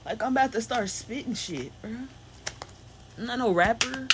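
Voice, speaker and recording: A woman's voice: on the high side, normal speed, slight background noise. A woman working as a spiritual reader, talking in an unscripted, rambling monologue full of slang and blunt insults.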